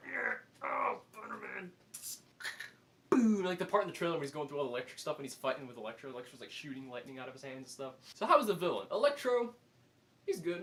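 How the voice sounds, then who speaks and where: Animated man with a higher voice. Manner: animated, filler-heavy, acts out his own reactions. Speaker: movie reviewer. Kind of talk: casual spoken movie review.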